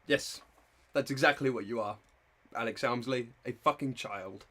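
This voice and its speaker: Man, streamer, reaction commentary, blunt, mocking, mid-pitched voice. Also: moderate pace, bright, forceful tone.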